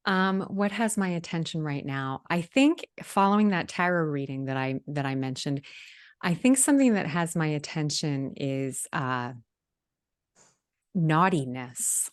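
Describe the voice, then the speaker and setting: A woman hosting a casual, reflective conversation, asking gentle questions and musing thoughtfully. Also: sits low, expressive, a little slow, smooth. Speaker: podcast host.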